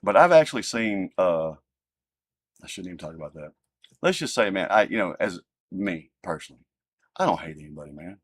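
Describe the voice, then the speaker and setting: A man hosting a livestream launches into a profane, heated rant. His pitch leaps around animatedly, loud outbursts giving way to low muttering. The sound is dry and close. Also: big pitch swings, a little fast, no echo. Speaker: livestream host. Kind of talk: heated ranting livestream talk.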